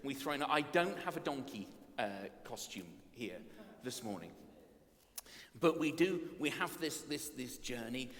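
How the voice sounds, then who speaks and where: A man preaching at a playful family service, animated and self-mocking as he tells the story. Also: mid-range voice, a little slow. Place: church. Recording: long reverb of a church hall.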